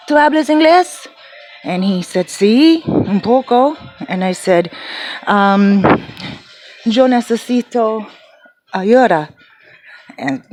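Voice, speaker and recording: A woman vlogger speaks casually from her home by the garden. She retells a sad story with feeling, quoting people and pausing on fillers. Faint music plays behind her. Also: mid-range voice. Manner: emotional, retelling with quoted dialogue and fillers.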